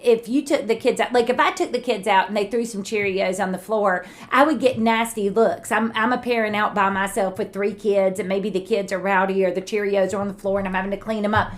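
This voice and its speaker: A middle-aged woman co-hosting a casual podcast, laughing easily and getting heated when she makes her point. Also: medium pitch. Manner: warm, quick to laugh, gets animated when arguing. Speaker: podcast co-host. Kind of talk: casual chat.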